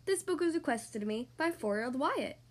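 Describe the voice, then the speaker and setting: A woman hosting a children's podcast, reading a storybook aloud in a friendly, expressive manner. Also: high voice, fairly quick. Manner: friendly, expressive, sing-song.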